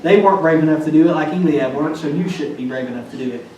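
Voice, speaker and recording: A man preaching a sermon as a student pastor, telling the story with lively, playful asides. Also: fairly high pitch, rapid-fire, few pauses, lo-fi sound, a little hiss or hum. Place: church sanctuary. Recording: echoey room from far off.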